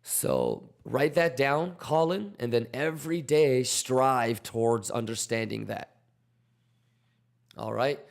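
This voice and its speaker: A man's voice: medium pitch, slow pace, vocal fry. A man hosting a trading livestream, reading viewer questions aloud and coaching them in a casual, slangy way with many fillers. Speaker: crypto trading livestream host. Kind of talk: livestream chat reading and market commentary.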